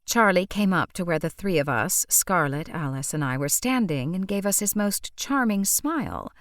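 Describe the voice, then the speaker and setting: A woman with a low, close voice narrates an audiobook in a measured, wry manner. The sound is dry and near, with no room around it. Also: expressive, dry recording. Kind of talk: scripted narration.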